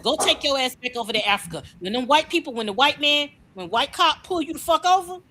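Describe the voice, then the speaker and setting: A woman's voice: high voice, animated, fast talker, noisy background. A woman delivering a furious, profane rant packed with repeated rhetorical questions.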